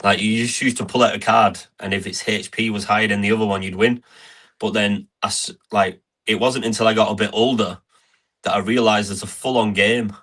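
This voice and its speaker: A young man chats as a podcast guest, easygoing and halting. His voice is low but has a bright, forward edge. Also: fairly even intonation. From England. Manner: easygoing, halting, with many restarts. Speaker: wrestler guest. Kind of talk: casual chat.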